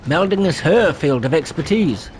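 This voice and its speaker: A man's voice: fairly high pitch, expressive, moderate pace, slight background noise, close to an everyday voice. A man voicing a learned, formal teacher of crystal lore, reading in a shaky put-on accent with small stumbles. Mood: instructive. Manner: stilted put-on accent, read aloud with stumbles.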